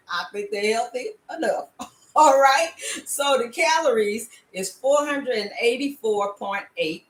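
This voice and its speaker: A woman's voice: medium pitch, echoey room. An older woman hosting a home cooking show, talking casually and playfully with viewers, checking in with them often. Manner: chatty, playful, frequent laughs and "all right?" check-ins. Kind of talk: casual recipe demonstration. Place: home kitchen. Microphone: laptop camera.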